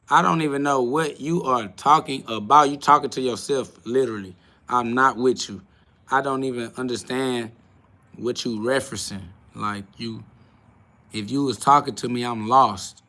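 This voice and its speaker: Man, livestream host, blunt, profane, confrontational, bright forceful voice. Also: mid-range voice, normal speed. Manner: blunt, confrontational, profane, swinging between loud and mumbled. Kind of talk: casual livestream rant to chat.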